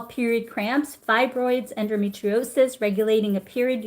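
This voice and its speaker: A middle-aged woman teaching acupressure on a live stream, chatty and warm, stopping to greet viewers. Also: fairly high pitch. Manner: warm, chatty, reads viewer comments aloud. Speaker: acupressure instructor. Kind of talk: live-streamed health lesson.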